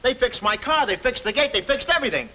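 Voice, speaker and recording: An actor playing a wisecracking, flustered amateur sleuth in a 1940s comedy film. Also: male voice, mid-range voice, animated, a little fast, sharp tone, breathy edge, rough recording. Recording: old film soundtrack with music.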